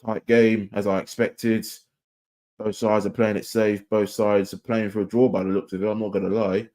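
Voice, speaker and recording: A young man hosting a live football watchalong as a fan, chatty and excitable, shouting at the players. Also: on the low side, normal speed. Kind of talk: live match watchalong commentary.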